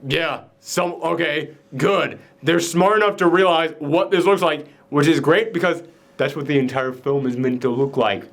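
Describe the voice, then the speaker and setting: A man hosting a casual movie review chat, retelling the plot in an animated way with lots of "like" fillers. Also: a little high, normal speed. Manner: animated storytelling, frequent "like" fillers. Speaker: podcast host.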